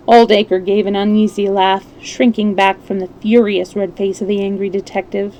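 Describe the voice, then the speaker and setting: A woman's voice: mid-range voice, steady tone, normal speed, creaky, hardly any pauses, warm tone, low-quality recording. A woman storyteller reading a classic story aloud expressively, with small slips and restarts.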